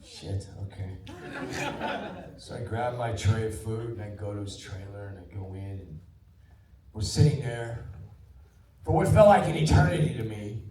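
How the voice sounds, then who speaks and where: An older man speaks to a cinema audience, lively and full of stories, hushing his voice whenever he quotes someone. His voice sits low, and he sounds a little away from the mic in a reverberant auditorium with a faint hum of room noise underneath. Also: normal speed, pauses often, distant mic. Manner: animated anecdotal storyteller, drops to a hush for quotes. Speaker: actor introducing a film screening. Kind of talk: live storytelling to a cinema audience. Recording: roomy theater sound from off-mic.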